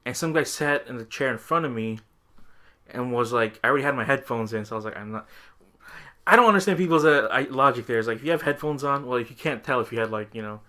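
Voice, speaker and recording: A man's voice: mid-range voice, fast talker, bright, forceful tone. A man co-hosting a podcast, telling a story in casual chat, laughing often and acting out quoted lines. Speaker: podcast co-host.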